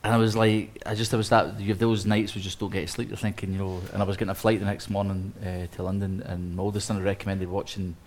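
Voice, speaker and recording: A man, an interior designer, telling a lively story on a live panel, acting out quotes with many restarts. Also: deep voice, fast, hardly any pauses, slight background noise. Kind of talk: anecdote on a live panel talk.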